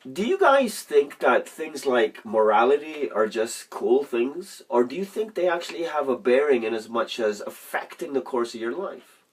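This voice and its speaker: A religious vlogger with a high, breathy-edged voice tells a religious story and rants in a casual, profane, rambling monologue, laughing mid-sentence. He sits distant from the mic.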